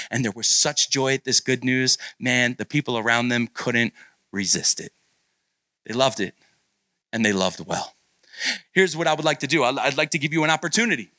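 A man's voice: mid-range voice, no echo. A man preaching as a guest pastor at a youth retreat, then eagerly hyping up students as they share on a handheld mic. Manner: energetic, encouraging hype man. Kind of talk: sermon and leading audience sharing. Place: large meeting room with students. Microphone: handheld microphone.

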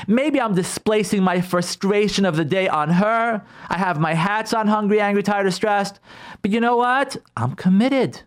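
On the radio, a rabbi with a high-sitting voice speaks emphatically about marriage and Jewish law. He hammers on key words and plays out the objections his listeners might raise.

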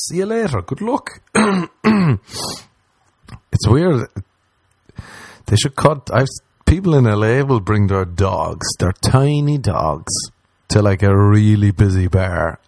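A young man ranting casually and comically, swearing often and mocking other people with quick impressions. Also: fairly low pitch, a little mellow, dry recording. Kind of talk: casual comedic rant.

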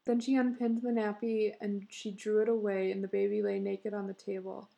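Gravelly woman reading a story aloud. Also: mid-range voice, rough recording. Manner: measured, expressive storytelling. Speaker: narrator. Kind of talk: storybook narration.

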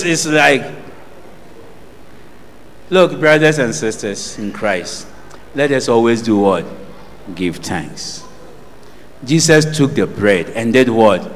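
Animated Ghanaian preacher man. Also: mid-range voice, slow pace, long pauses, long reverb tail, slight background noise. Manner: call-and-response preaching, asking the congregation questions. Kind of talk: sermon.

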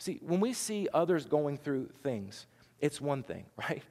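Preacher in a reverberant hall. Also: male voice, fairly high pitch, sing-song, a little slow, slightly rough. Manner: conversational preaching, rhetorical questions, swings from loud to hushed. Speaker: pastor. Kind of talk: sermon.

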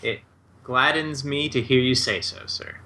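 A man's voice: medium pitch, unhurried, bright, forceful tone, slight background noise. A man voicing a fawning, salesy bank manager in a tabletop game. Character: smooth, obsequious male bank manager.

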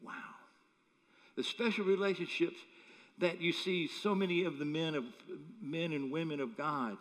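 A man's voice: fairly high pitch, normal speed. A man preaching a sermon as pastor, telling humorous stories with chuckles. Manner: animated, humorous storytelling with chuckles. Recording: echoey hall.

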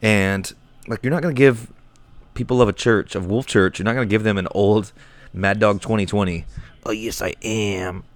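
A man with a low-pitched voice rants through an improvised comedy bit. He sounds exasperated and irritable, and he swears freely. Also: steady tone, normal speed, no echo. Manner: exasperated, profane and ranting.

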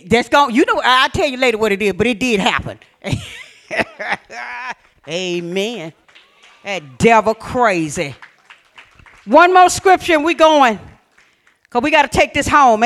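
A woman preacher delivering an exuberant Pentecostal-style sermon, calling out to the congregation, swinging between shouts and hushed scripture reading. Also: on the high side. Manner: calls out and has the congregation repeat lines.

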